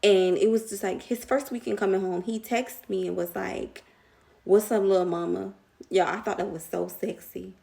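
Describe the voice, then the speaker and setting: A woman's voice: medium pitch, steady tone, normal speed, gravelly, warm tone. A young woman telling a casual storytime to her viewers, slangy and chatty, laughing often.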